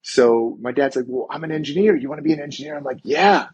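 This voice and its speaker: A man telling a story on a podcast, full of life and acting out every quoted line as he goes. His voice sits at a middle pitch with a husky, slightly breathy edge. He talks casually and lets the odd swear word slip. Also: fast, mellow, lo-fi sound. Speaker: chiropractor and wellness coach, podcast guest.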